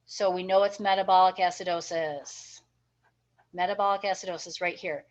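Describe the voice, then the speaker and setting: A woman's voice: lowish voice, steady tone, normal speed. Woman nursing teacher giving a lecture, keeps asking okay? right?, kinda dull lo-fi sound. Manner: encouraging, checks in with frequent "okay?" and "right?". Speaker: nursing instructor. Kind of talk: recorded class lecture.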